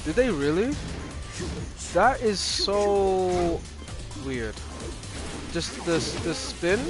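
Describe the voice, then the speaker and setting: A man hosting a gaming channel, chatting casually while he plays and getting loudly worked up when he loses. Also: high-pitched, drawn-out words. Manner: excitable, gets loudly worked up over losses. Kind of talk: casual gameplay commentary. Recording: game music under the voice.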